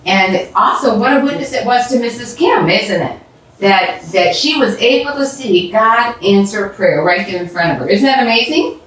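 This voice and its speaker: A woman storyteller reading a children's story aloud, with an animated manner, recorded in an echoey room from a distance. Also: mid-range voice, normal speed. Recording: roomy echo from a distance.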